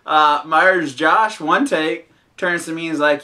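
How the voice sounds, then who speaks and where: A male vlog host talking casually to his viewers, unrehearsed and wandering through his thoughts. His voice is bright and crisp and sits a little high. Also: steady tone, normal speed, hardly any pauses. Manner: rambling, unrehearsed, with restarts. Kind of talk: casual chat.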